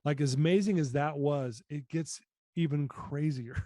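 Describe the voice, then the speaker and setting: Guy on a podcast telling his story, earnest, mellow low-key tone, dry close sound. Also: a little slow, no echo. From United States. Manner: earnest, reflective, often drops voice. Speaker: podcast guest. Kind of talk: personal storytelling.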